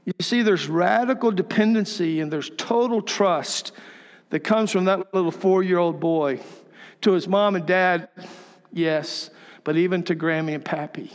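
A man's voice: high-pitched, measured pace, long reverb tail. An older man preaching a sermon, telling folksy stories with chuckling asides. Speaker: pastor.

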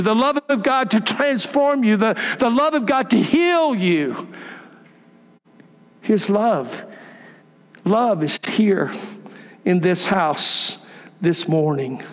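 Man, sermon, high voice, unhurried, emphatic repetition, long church-hall reverb. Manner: emphatic, repeats key phrases, drops to a soft near-whisper. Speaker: pastor. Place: church sanctuary.

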